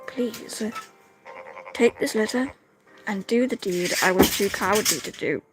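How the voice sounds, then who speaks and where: Woman voicing a soft-spoken regretful bartender. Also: medium pitch, measured pace, over music, close to an everyday voice. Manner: soft, subdued confession. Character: remorseful middle-aged male bartender. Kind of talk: video game dialogue reading.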